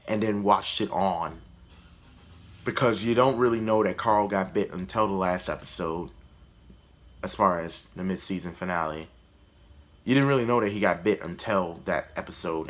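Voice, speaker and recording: A man's voice: fairly low pitch, fairly bright tone. A man doing a casual comedy review vlog about a TV show, blunt, profane and sarcastic.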